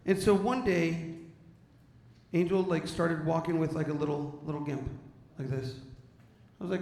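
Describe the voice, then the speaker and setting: A man doing clean stand-up comedy, telling an animated story and bursting into shouts. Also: on the high side, moderate pace, gravelly, roomy sound. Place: stage before an audience.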